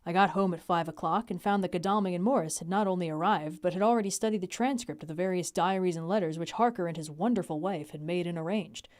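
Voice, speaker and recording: Young woman reading a spooky old novel on stream, lowish voice, expressive. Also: quick pace, hardly any pauses. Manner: expressive reading, laughs in chat breaks. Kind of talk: novel read aloud on a livestream.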